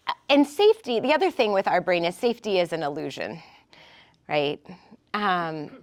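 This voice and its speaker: A woman speaking casually to a small group in a room, coaching them and often checking in with "right?". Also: fairly low pitch. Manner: animated, warm coaching, frequent "right?". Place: indoor room with an audience.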